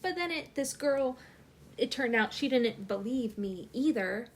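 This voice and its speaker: A woman's voice: fairly high pitch, animated, unhurried, slight background noise. A young adult woman, a channel host, telling a personal story casually with many fillers.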